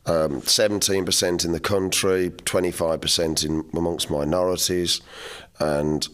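A man's voice: sits low, fairly even intonation, a little slow, fairly bright tone. A man, a musician guest telling wry, laughing anecdotes in an interview. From English Midlands. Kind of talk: storytelling interview chat.

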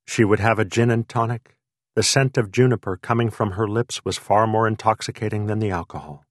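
A man narrating an audiobook in unhurried, lyrical phrasing. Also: fairly low pitch, no room sound, studio quality.

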